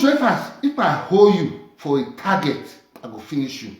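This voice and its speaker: A woman's voice: a bass voice, big pitch swings, normal speed, few pauses, darkish tone, reverberant. A Nigerian woman vlogger speaking Nigerian Pidgin English in a combative, mocking rant full of repeated taunts. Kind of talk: ranting monologue.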